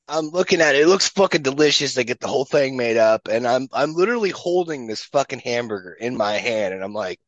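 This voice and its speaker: A man spins a story in casual podcast chat, animated and packed with swearing. His voice sits in a middling range. The recording is dry, dull and lo-fi. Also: mid-range voice, fairly quick, few pauses, no room sound. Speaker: podcast guest. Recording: dull lo-fi sound.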